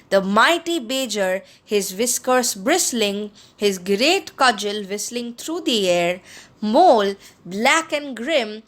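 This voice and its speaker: A woman narrating a classic children's novel as an audiobook, reading in an expressive, measured way. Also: on the high side.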